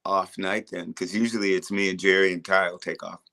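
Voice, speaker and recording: Older male rock musician guest, low voice, laid-back rambling storyteller. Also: little pitch movement, brisk, creaky, sharp tone. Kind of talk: casual interview chat.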